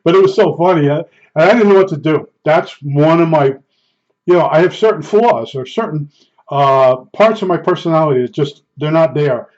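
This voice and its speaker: A man with a somewhat high voice tells his stories casually, rambling and chuckling at himself. The sound is dull and lo-fi. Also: normal speed, darkish tone. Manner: rambling, chuckling, self-deprecating. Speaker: storyteller. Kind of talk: casual storytelling. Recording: dull lo-fi recording.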